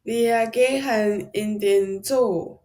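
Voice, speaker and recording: A woman's voice: medium pitch, extremely slow, warm tone. A woman practicing German in a lesson, carefully repeating words after the teacher. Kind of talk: language lesson.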